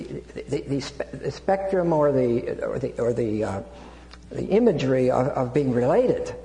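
A man with a medium-pitched, dark voice and vocal fry preaches an expository Bible sermon. His teaching wanders into asides and Greek terms, with repeated restarts, in an echoey hall with a hum.

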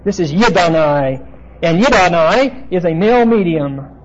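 A man with a high voice gives a Bible lecture, working through terms at the board. He explains patiently and stops often on "uh" fillers. The recording is dull and lo-fi. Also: lively intonation. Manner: explanatory, halting with frequent "uh" fillers. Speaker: Bible teacher.

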